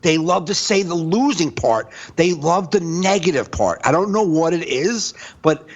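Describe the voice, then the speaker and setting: A man's voice: a little high, normal speed, lo-fi sound. A man co-hosting a podcast, telling comic stories in casual, profane chat. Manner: animated storyteller, swears freely. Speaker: podcast co-host.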